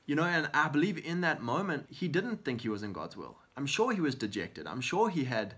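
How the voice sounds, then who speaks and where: A man's voice: a little high, big pitch swings, brisk, hardly any pauses, fairly bright tone, husky. A man co-hosting a faith talk show, speaking earnestly and encouragingly, often acting out prayers as quotes. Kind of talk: conversational Christian encouragement.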